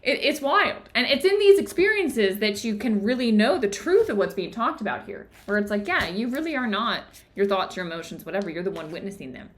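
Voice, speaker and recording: Lively chatty woman telling stories. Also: medium pitch, brisk, hardly any pauses. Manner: chatty storytelling, many "like" fillers. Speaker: book club host. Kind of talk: casual book discussion.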